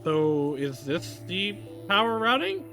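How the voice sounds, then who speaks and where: A man's voice: high voice, very animated, slow pace, bright, forceful tone, soft background music. A man streaming a video game live, thinking aloud and reading out game text as he plays. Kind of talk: live game playthrough commentary.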